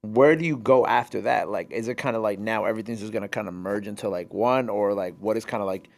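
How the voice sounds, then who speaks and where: A man's voice: lowish voice, quick pace, vocal fry. A man hosting a casual hip hop interview, laid-back with slang like "word" and "fire". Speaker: interview host.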